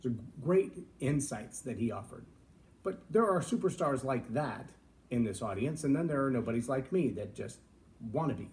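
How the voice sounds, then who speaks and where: Folksy Texan man, mellow voice. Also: medium pitch, expressive, normal speed. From Texas. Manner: folksy, reflective, jokey asides. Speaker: vlog host. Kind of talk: casual live-stream talk.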